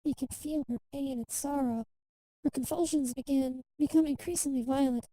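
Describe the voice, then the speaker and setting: A woman streamer reading a game's story aloud in a measured, emotional way, over faint music. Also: high-pitched, steady tone, mellow, dry recording, low-quality recording.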